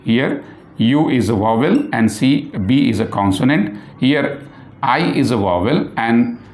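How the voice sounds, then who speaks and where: A man's voice: medium pitch, lively intonation, unhurried, darkish tone. A man whose first language is Urdu teaching a phonics lesson in English, spelling words out letter by letter and repeating himself often with many fillers. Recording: echoey room.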